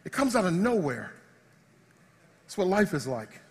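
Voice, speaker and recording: A man preaching a sermon as pastor, swinging between loud praise and hushed, quiet asides. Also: sits high, big pitch swings, unhurried, vocal fry, a little hiss or hum. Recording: long hall reverb.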